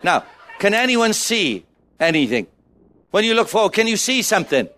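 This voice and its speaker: A male preacher delivering a sermon in a high-pitched voice that leaps up and down. He urges the congregation to shout their answers. He keeps it playful, acting out small scenes as he goes. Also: big pitch swings, normal speed. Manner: exhorting, calls on the congregation to shout; playful, jokes and acts out little scenes.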